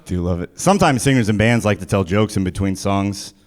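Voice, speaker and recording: A man performing live stand-up comedy, animated and prone to sudden loud shouts. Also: fairly low pitch, fairly quick.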